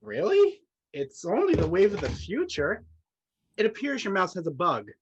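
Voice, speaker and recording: A young woman playing a nerdy, proudly geeky young prince in a stage comedy, with a husky voice. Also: on the low side, huge pitch swings, normal speed, dull audio, noisy background. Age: young adult. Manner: eager, nerdy.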